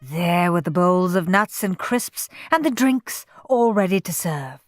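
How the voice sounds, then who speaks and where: A woman narrating a children's audiobook in an expressive storybook manner. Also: lowish voice, dry recording, studio quality. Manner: expressive, unhurried.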